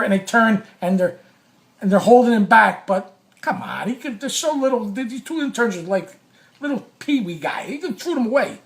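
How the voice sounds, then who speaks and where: High-voiced man telling a profane story. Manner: animated, profane, reenacts his own quotes. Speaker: former sports radio caller. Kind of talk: casual personal storytelling.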